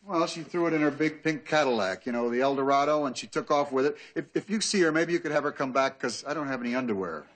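A man's voice: medium pitch, fast, hardly any pauses, fairly bright tone, natural voice, poor audio. An actor playing a patient but exasperated family man trying to politely get a guest to leave. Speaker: father. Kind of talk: sitcom acting.

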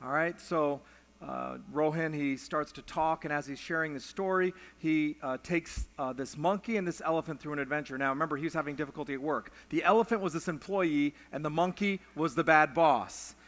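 A middle-aged man preaches in a fairly high voice, telling a story and often pausing on "uh". His voice rings through a church sanctuary with a long hall reverb. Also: fairly bright tone. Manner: storytelling with frequent "uh" fillers. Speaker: pastor. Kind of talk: sermon with a personal story.

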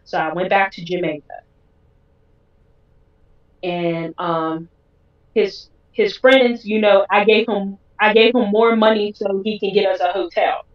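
A woman, a guest, telling a candid personal story in an animated way. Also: mid-range voice, unhurried, pauses often. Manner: animated, acts out others' voices in quotes. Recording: roomy, distant, dull sound.

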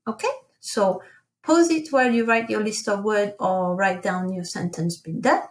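A woman's voice: mid-range voice, roomy sound. A woman teaching a recorded lesson, patiently explaining with fillers and self-corrections and carefully modelling pronunciation. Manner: slow, careful model pronunciation of French words. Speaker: French teacher. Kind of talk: recorded online language lesson.

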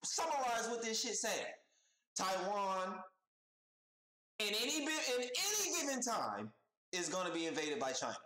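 A man's voice: sits high, a little slow, pauses often, echoey room, rough recording. A man hosting a reaction video, talking in a casual, profane, slang-heavy way, repeating his points with lots of emphasis. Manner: animated, profane, street slang, repeats himself. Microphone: headphones on, desk mic.

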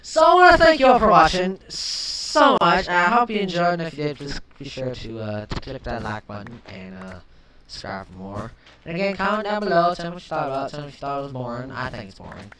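A young man giving let's play commentary, chatting calmly and then flaring into shouted rage at the game, often swapping swears for milder words. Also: medium pitch, fast talker. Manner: swaps swears for mild substitutes. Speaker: gaming commentator. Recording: distant mic with faint hiss.

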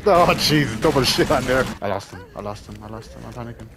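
A man giving casual, swear-heavy commentary over his own gameplay, excitable and panicky. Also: mid-range voice, quick pace, music in the background. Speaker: gamer making funny-moments videos.

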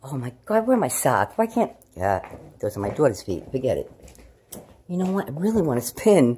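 A middle-aged woman vlogging casually at home into a camera, rambling and emotional, swinging from loud outbursts to hushed pleas. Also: extremely low pitch, big pitch swings, normal speed, slight background noise. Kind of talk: casual spiritual vlog.

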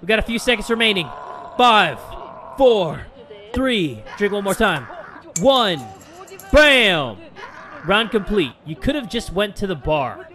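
A man giving comedic let's-play commentary, excitable and swearing, with loud outbursts. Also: sits high, slow pace, pauses often, faint music behind. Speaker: gaming video host.

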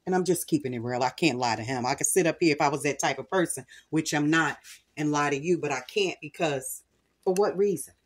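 A woman's voice: low-pitched, fairly quick, husky. A middle-aged woman hosting a home cooking video, talking candidly and earnestly about her faith while she cooks. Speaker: cooking channel host. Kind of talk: casual cooking vlog with personal testimony.

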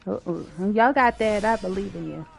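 A woman's voice: mid-range voice, normal speed, vocal fry. A woman streaming a co-op video game, chatting playfully and swearing while she plays. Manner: playful, swears and laughs often. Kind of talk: casual gaming chat.

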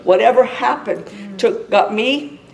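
A woman preaching a sermon in a fervent manner, her storytelling rising into shouted prayer. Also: fairly high pitch, unhurried. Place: church sanctuary. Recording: roomy church sound from a distance.

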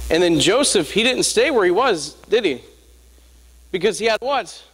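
A man with a notably high voice preaches a sermon, leaning on rhetorical questions and call-and-response with his listeners. His voice rings out with a long reverb tail, as in a large church sanctuary. The delivery is emphatic and story-driven. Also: lively intonation, moderate pace, a bit bright, husky.

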